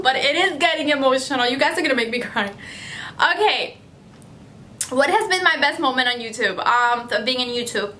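A woman's voice: high-pitched, a little fast, pushed and bright, slight background noise. A woman beauty vlogger chatting casually to camera, effusive and gushing, often repeating herself. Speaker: beauty vlogger answering fan questions.

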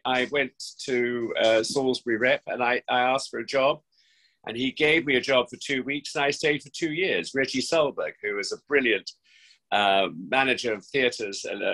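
A man's voice: medium pitch, pushed and bright, rough recording. A man in his sixties, an actor from England's West Country, chatting effusively and theatrically as an interview guest, with frequent restarts. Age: 60s. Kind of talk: remote interview chat. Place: home during lockdown.

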